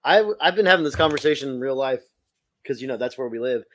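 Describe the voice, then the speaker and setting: A man's voice: mid-range voice, quick pace, fairly bright tone, no room sound. A man co-hosting a podcast in casual chat, laughing a lot and trailing off. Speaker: podcast co-host.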